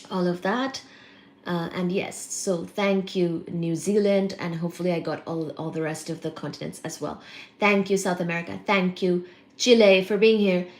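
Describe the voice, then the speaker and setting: A woman hosting a casual live stream, chatting and greeting viewers by name with excited exclamations. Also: fairly low pitch, reverberant. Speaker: livestream host.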